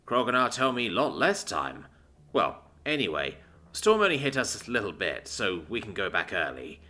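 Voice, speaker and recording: A man voicing a gentle, hulking man who speaks in broken grammar. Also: lowish voice, very animated, normal speed. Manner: broken grammar, plain and kind.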